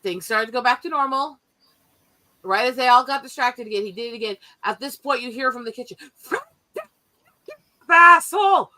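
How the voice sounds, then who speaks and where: A woman telling family stories in a casual chat, animated and profane, often laughing as she talks. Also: fairly high pitch, quick pace, low-quality recording.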